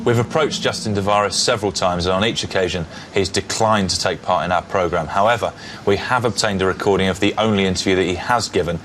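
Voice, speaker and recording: A man presenting a documentary programme, brisk and formal. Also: sits low, fairly bright tone, a little hiss or hum. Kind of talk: scripted presenting.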